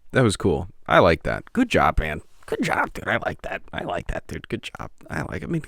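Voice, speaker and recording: A man's voice: fairly low pitch, huge pitch swings, moderate pace, creaky, few pauses, fairly bright tone, breathy edge, no echo, studio quality. A man hosting a podcast, rambling, profane and self-mocking. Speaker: podcast host.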